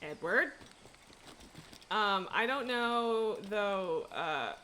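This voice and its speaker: Young woman streamer, bright lively voice, swears and laughs a lot while playing. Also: mid-range voice, extremely slow, a little hiss or hum. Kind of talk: casual live gaming commentary.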